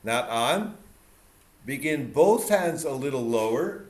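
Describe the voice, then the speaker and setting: Male piano teacher, animated encouraging coach, repeats words for emphasis, piano behind. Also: mid-range voice, slow pace. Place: music room with piano and mirror.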